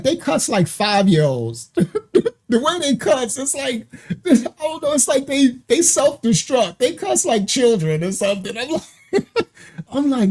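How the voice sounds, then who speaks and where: A man's voice: high voice, dark tone. A man hosting a ministry channel, talking through a case in casual commentary, laughing often and stumbling over repeated words.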